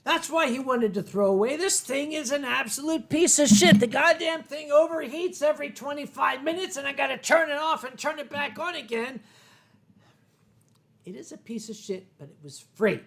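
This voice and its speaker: A man's voice: very high-pitched, normal speed, vocal fry, a bit bright. A middle-aged man hosting a casual drinking chat, rambling and swearing with many fillers and restarts. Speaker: host.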